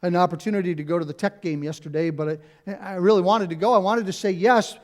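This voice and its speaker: A man's voice: high voice, fast. A middle-aged man, a pastor, preaching a conversational sermon in a church, repeating key phrases and adding asides. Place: church sanctuary.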